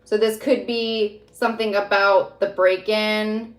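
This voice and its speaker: A woman's voice: medium pitch, flat delivery, slow pace. A woman psychic reader talking in a casual, rambling way, full of fillers and frequent laughter. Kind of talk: casual spiritual vlog talk. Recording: roomy echo.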